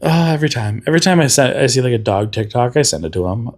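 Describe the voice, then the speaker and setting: Man, podcast guest, casual chat, jokey, animated, medium pitch. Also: fast. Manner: animated, jokey, trails off mid-sentence. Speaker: guest, café owner.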